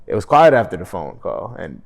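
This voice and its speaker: Laid-back man, low-pitched vlog talk. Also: fairly quick. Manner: conversational, frequent "right?" tag questions, self-described monotone. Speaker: real estate wholesaler and vlogger. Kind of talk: casual motivational vlog talk.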